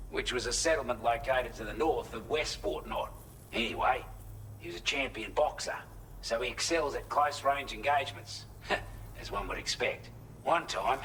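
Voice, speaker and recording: A gruff, matter-of-fact Australian contact, played by a man in a game, talking plainly and a bit salty. His voice is bright and forceful, with faint ambience behind him. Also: mid-range voice, a little hiss or hum, lightly acted, low-quality recording. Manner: blunt, salty, conversational briefing.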